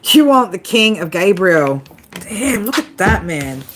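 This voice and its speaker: A woman's voice: mid-range voice, very animated, unhurried, background noise. Cheeky, swearing woman reading tarot. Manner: swears freely, laughs often, talks to viewers directly. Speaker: tarot reader. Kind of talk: casual spoken tarot reading.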